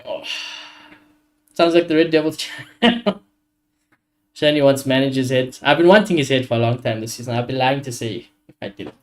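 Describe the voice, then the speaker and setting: A man's voice: medium pitch, normal speed, long pauses. A young man, ranting animatedly and swearing as he hosts a casual football watchalong stream. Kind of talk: casual live-stream chat.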